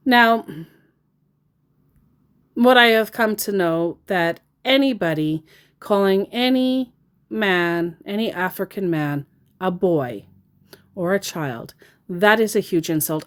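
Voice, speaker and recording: Blunt, sarcastic woman with lively pitch. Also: slow, pauses often. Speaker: scam baiter. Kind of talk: casual commentary.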